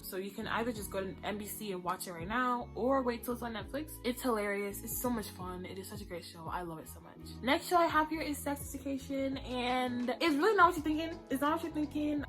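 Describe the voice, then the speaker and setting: A woman's voice: fairly high pitch, a bit bright. A twenty-year-old woman from the United States giving casual, emphatic show recommendations on her vlog, full of slang and repeated phrases. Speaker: YouTuber.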